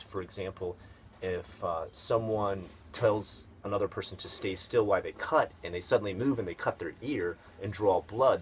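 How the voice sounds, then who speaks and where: Male host with a lowish voice, loose rambling storyteller full of ums and uhs, noisy background. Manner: rambling, hesitant, many fillers and restarts. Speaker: video host. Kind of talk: casual storytelling commentary. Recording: noticeable background noise.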